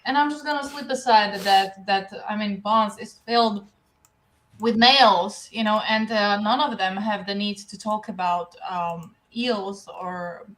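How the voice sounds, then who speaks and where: A woman's voice: medium pitch, unhurried, a bit bright. A woman guest on a casual online panel, asking dry, teasing questions. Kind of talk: casual panel chat on a livestream.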